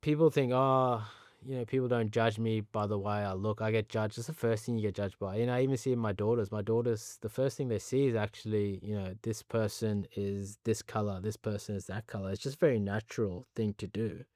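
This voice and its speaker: A man's voice: on the low side, fairly quick, no echo, studio quality. Laid-back Australian man telling stories. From Pakistan. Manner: relaxed anecdotes, laughs often, restarts. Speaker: interview guest, cricketer. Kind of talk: casual storytelling.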